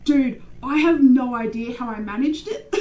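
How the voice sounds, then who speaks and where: A young adult woman streaming a game, chatting casually with viewers by name and rambling through animated stories. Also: high-pitched, normal speed, background noise. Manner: animated, rambling storytelling with many fillers. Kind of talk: casual live-stream chat.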